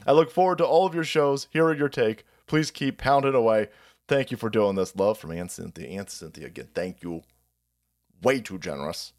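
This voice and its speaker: Here a livestream host delivers a profane, sarcastic, meandering rant, laughing often as he goes. His voice is fairly low and a little mellow, at a moderate pace.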